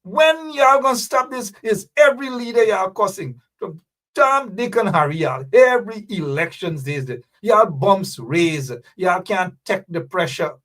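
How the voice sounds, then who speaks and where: A man with a Guyanese accent hosts a political commentary show in a fiery, scolding rant. His voice sits high and he fires off rhetorical questions. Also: lively intonation, measured pace, a bit bright, recorded from a distance. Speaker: host.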